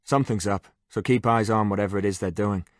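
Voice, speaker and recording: A man voicing a crude, wry male army corporal with a soft Irish accent in an audiobook. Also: on the low side, steady tone, quick pace, dry recording, studio quality, lightly acted. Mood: wry grumbling. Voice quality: soft-spoken.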